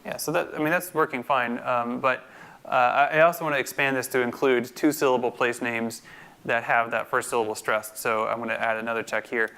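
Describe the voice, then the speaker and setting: Male instructor, screencast coding tutorial, gravelly yet crisp tone, bright voice, talks through his steps. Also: mid-range voice, steady tone, fairly quick. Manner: thinks aloud, many fillers and restarts.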